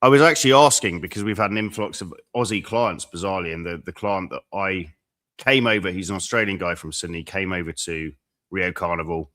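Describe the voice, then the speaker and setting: A man co-hosting a casual podcast, telling stories in a lively, joking way and laughing at his own lines. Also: deep voice, fairly quick. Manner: animated storyteller, laughs at own jokes. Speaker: dating coach podcast co-host.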